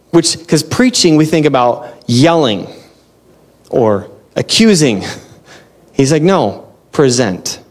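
A man with a slightly high voice gives a relaxed, conversational sermon. He talks in a chatty way, interrupts and restarts himself, and laughs often. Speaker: pastor.

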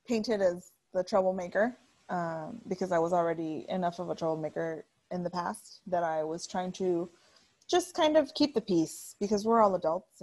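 A woman in her thirties co-hosting a casual chat, blunt and animated as she tells stories, swearing freely. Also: mid-range voice. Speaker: podcast co-host.

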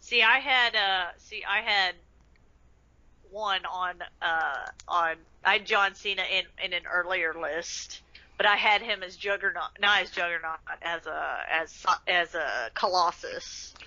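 A man in a casual fan-casting chat, halting and restarting often. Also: high-pitched, bright, forceful tone, dry recording. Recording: dull lo-fi sound.

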